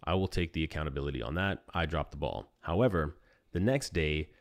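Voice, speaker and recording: Podcast host, man in his thirties, deep-voiced, wry self-mocking storyteller, dry close sound. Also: a little fast, dry recording. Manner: animated, wry and self-deprecating. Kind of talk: casual storytelling monologue.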